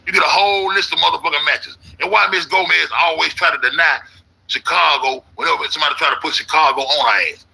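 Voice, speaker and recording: A man's voice: fairly high pitch, steady tone, quick pace, gravelly, pushed and bright, slightly rough, poor audio. A man ranting in a casual, profane, rambling way, repeating himself as an internet commentator. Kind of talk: casual conspiracy rant.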